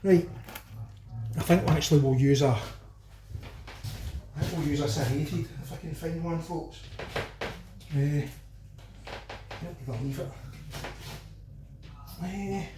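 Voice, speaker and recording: A man's voice: fairly high pitch, slow pace, pauses often, echoey room, background noise. A man with a Glasgow accent chatting casually to viewers as he cooks in a home kitchen, exclaiming over the food. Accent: Glaswegian Scottish. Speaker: home cooking vlogger. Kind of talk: casual cooking commentary to camera.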